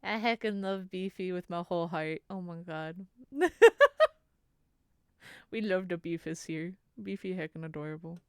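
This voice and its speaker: Woman streamer, dry close mic, smooth clear voice, doting, cutesy slang. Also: fairly low pitch, a little slow, no echo. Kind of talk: casual live-stream chat, reading chat.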